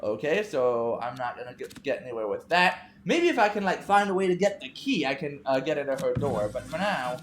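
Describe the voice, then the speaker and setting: A woman's voice: a bass voice, sing-song, a little fast, few pauses, echoey room, slight background noise. A woman commenting on her gameplay, musing aloud as she weighs her choices. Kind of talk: let's play commentary.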